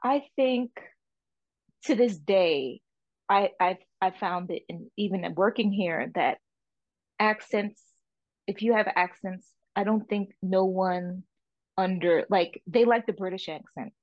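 A woman's voice: medium pitch, slow, dry recording, highs cut off. A woman from the Caribbean with a Caribbean accent, French her first language, talking emphatically as an interview guest. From French Saint Martin, Caribbean. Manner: animated, emphatic, frequent "you know". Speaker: interview guest, artist and caterer. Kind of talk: casual interview talk.

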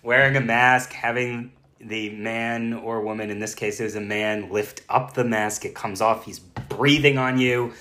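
A man's voice: mid-range voice, steady tone, unhurried, bright, forceful tone. A man co-hosting a travel podcast in casual chat, self-deprecating and laughing often. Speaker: podcast co-host. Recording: roomy echo.

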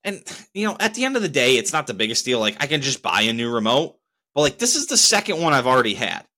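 A man's voice: medium pitch, very animated, fast talker, sharp tone. A young man hosting his own solo podcast, talking casually in a rambling, profane, heated way. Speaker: podcast host.

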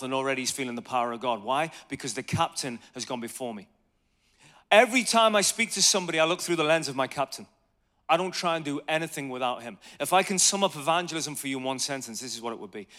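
A man leading an evangelism seminar, energetic and jokey, swinging between loud emphasis and quiet asides. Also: high voice. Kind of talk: lively seminar preaching to a live audience.

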